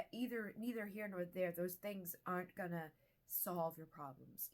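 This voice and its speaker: A woman's voice: fairly high pitch, a bit bright. A young woman hosting a casual self-help talk, speaking candidly, swearing now and then and acting out her own thoughts. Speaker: wellness video host.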